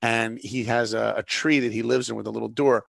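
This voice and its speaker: A man telling personal stories in an interview, animated and emphatic. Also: medium pitch, a little fast, creaky, dry recording, clean studio sound. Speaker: guest storyteller. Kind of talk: storytelling interview.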